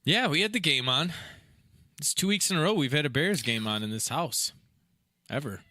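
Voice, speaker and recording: A man's voice: fairly high pitch, animated, normal speed, bright, forceful tone, no room sound. A man co-hosting a podcast in casual chat, dry and matter-of-fact with firm opinions. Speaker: podcast co-host.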